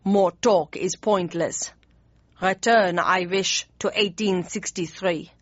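A woman's voice: fairly low pitch, dry recording. A woman voicing a pompous, hot-tempered old male German chancellor with stiff, jumbled formal speech in an audiobook. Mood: pompous, blustering. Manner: slow, heavy, deliberate delivery. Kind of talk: audiobook character voice. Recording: dry, slightly dull studio read.

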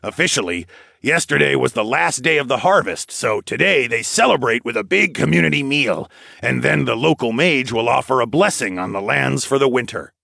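A man voicing Darwin, a calm, practical adult man explaining plans in an audiobook. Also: medium pitch, moderate pace, vocal fry, husky, no echo, studio quality, voice pushed up, exaggerated voice. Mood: matter-of-fact. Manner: matter-of-fact, explaining plans.

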